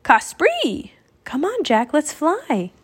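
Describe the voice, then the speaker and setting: A bold little girl, as a woman reader puts her on in a storybook, eager and bubbly, her voice pitched very high. She bursts with excitement and urges the others on. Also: slow, full character voice. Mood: excited. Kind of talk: audiobook reading.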